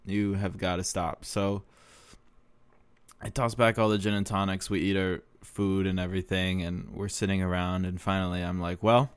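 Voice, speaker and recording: A man's voice: low voice, level tone, moderate pace, smooth, no echo. A young man hosting a podcast, telling a rambling, profane, self-deprecating story and laughing often. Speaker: podcast host. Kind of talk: casual storytelling monologue.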